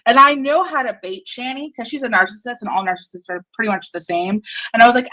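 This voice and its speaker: A woman's voice: mid-range voice, moderate pace, a bit bright, rough recording. Woman, streamer, casual live commentary, blunt, profane, rambling, laughs a lot, distracted. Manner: distracted while working on screen.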